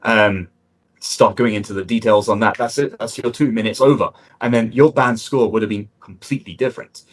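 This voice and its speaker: A man giving spoken feedback on a mock speaking test, encouraging and conversational, often pausing and restarting his sentences. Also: fairly low pitch, steady tone, no echo, poor audio.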